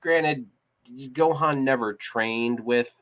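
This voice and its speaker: A man's voice: medium pitch, slow pace, a bit bright, muffled recording. A man co-hosting a casual discussion podcast, talking in a rambling way with many restarts and fillers. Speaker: podcast co-host. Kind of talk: casual chat.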